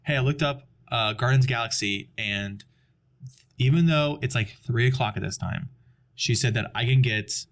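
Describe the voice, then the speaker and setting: At a moderate pace and in a mid-range voice, a young adult podcast guest chats casually through a lengthy story, performing the people involved.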